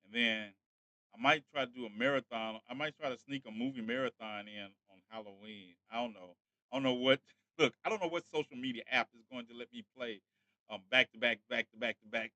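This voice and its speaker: A man's voice: medium pitch, brisk, sharp tone, dry recording. Chatty man hosting a livestream. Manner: chatty, talks straight to viewers. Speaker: livestream host. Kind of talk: casual livestream chat.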